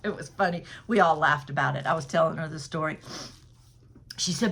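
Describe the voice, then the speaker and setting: A woman's voice: deep voice, fairly quick, vocal fry, a bit bright. A woman, chatting and laughing to her viewers as she shows and prices purses she resells. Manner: chatty, laughs often, talks straight to viewers. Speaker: resale seller. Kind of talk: casual sales haul vlog.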